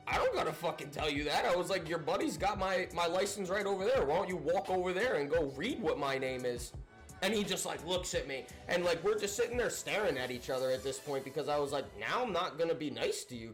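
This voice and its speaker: A young man casually telling a storytime tale, animated and profane, often breaking into laughter. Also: on the high side. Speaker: storyteller vlogger.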